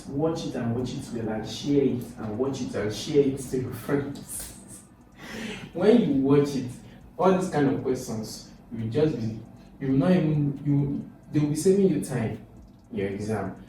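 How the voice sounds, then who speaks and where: A man's voice: mid-range voice, mellow, recorded from a distance, a little hiss or hum. A man teaching exam questions step by step, repeating points and asking and answering his own questions. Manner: repetitive, coaxing, asks and answers own questions. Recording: echoey room, voice from off mic.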